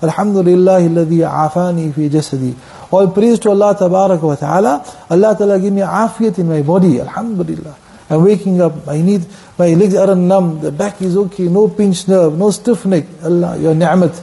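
A man delivers a sermon at a fast clip, his voice pitched high yet very dark and mellow in tone. He tells his stories with passion, slipping between English and Arabic phrases and quick recitation. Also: creaky. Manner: impassioned storytelling, mixing English with Arabic phrases and Quranic recitation. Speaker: preacher.

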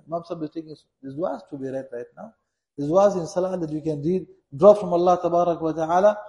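An Islamic preacher delivers a sermon in a high, mellow voice. He speaks earnestly and exhorts his listeners, repeating his points to drive them home, in an echoey room.

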